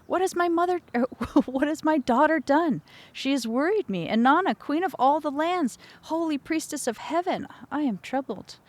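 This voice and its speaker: A woman's voice: high voice, expressive, normal speed, hardly any pauses, pitched above the performer's own voice. A woman voicing a fretful old father god. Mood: worried. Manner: anxious, pleading.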